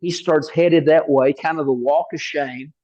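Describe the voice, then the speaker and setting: A man preaching a sermon in a slightly high voice, telling stories with lively energy. He repeats key words for emphasis. The recording sounds dull and lo-fi. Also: measured pace. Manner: animated storytelling with repeated words.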